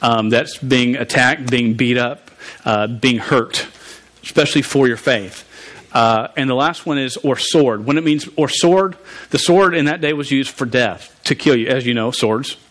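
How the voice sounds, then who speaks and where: This time the preacher's voice sits at medium pitch, still fairly bright. His conversational sermon moves haltingly, with frequent stumbles and restarts, and he regularly quizzes the congregation.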